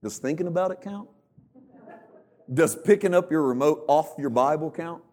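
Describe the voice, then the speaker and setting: A pastor with a highish, darkish voice preaches a sermon in church at normal speed. He is humorous and self-mocking, acting out church members in put-on voices.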